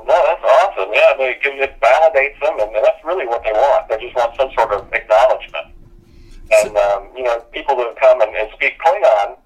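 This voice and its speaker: A man in casual conversation telling stories of a past job, lively and quick to laugh, with frequent ums. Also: medium pitch, slightly rough, poor audio. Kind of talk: casual chat.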